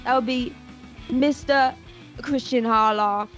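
A woman's voice: on the high side, fairly even intonation, slow pace, a bit bright, muffled recording. A woman co-hosting a casual chat, joking in a put-on British accent. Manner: playful, joking. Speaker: co-host. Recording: music playing behind the voice.

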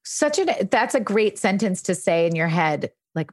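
A woman's voice: medium pitch, very animated, normal speed, no room sound, clean studio sound. A woman hosting a podcast, talking in a thoughtful, affirming way. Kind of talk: casual podcast chat.

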